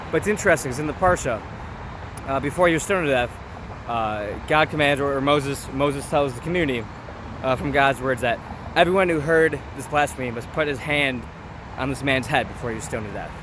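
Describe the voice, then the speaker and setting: A young man in his twenties, talking casually about scripture in a chatty, informal way that keeps checking in with the listener. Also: a little high. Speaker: vlogger. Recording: street traffic noise behind.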